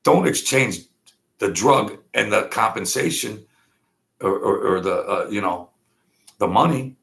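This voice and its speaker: A man's voice: lowish voice, animated, measured pace, gravelly, fairly bright tone. A man talking in a blunt, rambling monologue full of street slang. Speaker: vlog host. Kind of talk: casual monologue.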